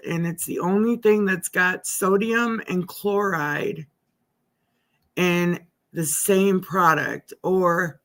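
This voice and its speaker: A woman's voice: fairly low pitch, fairly bright tone. A middle-aged woman livestreaming from her living room, rambling in casual chat as if talking to herself. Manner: chatty, talks to herself. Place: living room at home by a window.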